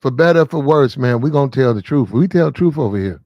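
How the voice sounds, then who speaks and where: A man's voice: medium pitch, expressive, fast talker, no echo, dull audio. A man hosting casual opinion commentary, preachy and repetitive, talking straight to the people he discusses. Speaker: commentary channel host.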